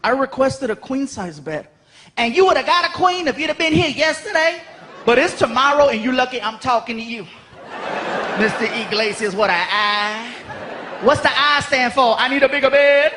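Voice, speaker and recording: A man's voice: very high-pitched, lively intonation, normal speed, noisy background, pitched above the performer's own voice. A comedian doing a sassy, scolding hotel desk lady. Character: sassy late-night female hotel desk clerk.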